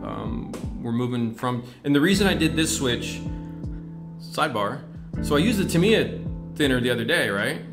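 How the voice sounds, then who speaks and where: A man from the United States with a medium-pitched, lively voice speaks at a moderate pace during his casual livestream painting demo as a scale-model instructor. He rambles chattily and swears casually while music plays clearly in the background.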